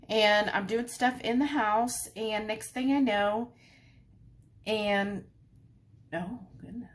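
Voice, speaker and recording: Animated woman telling a scary story. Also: mid-range voice. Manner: animated, breathless storytelling with many asides. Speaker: vlogger. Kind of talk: casual storytelling.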